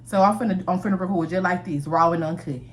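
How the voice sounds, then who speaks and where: A woman's voice: lowish voice, fast talker, a little hiss or hum. Chatty, cussing woman storyteller. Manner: chatty, profane, talks straight to viewers. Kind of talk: casual storytime narration. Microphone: camera mic, recorded to camera.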